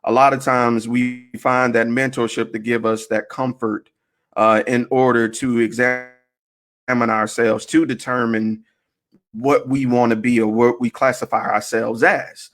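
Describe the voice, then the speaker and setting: A man's voice: medium pitch, little pitch movement, a little slow, fairly bright tone. A man hosting a casual online group discussion, talking emphatically, asking rhetorical questions and swearing.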